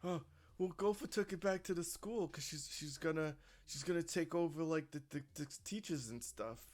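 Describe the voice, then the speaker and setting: A game master narrating a tabletop role-playing game, halting and full of fillers. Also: medium pitch, darkish tone.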